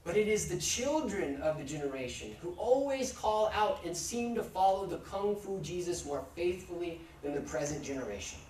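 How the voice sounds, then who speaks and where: A male pastor preaching a sermon in measured, steady cadences, building his points through repeated refrains. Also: sits high, a little hiss or hum. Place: church sanctuary. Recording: echoey church from far off.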